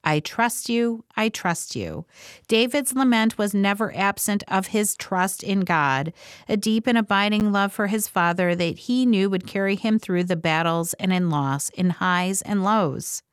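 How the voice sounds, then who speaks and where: A woman hosting a devotional podcast, reading a script in a calm, measured way. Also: mid-range voice, clean tone, dry recording, studio quality. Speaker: host.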